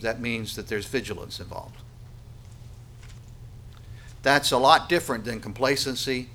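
A man preaching a sermon on scripture, earnest and emphatic, with dramatic pauses and little acted asides. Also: medium pitch, a bit bright, a little hiss or hum. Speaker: pastor.

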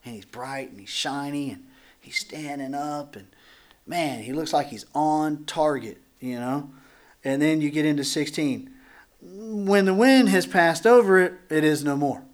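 Animated pastor teaching a congregation. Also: male voice, a little high, a little slow. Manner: animated, acts out dialogue, jokes with the congregation. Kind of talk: conversational Bible teaching. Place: church.

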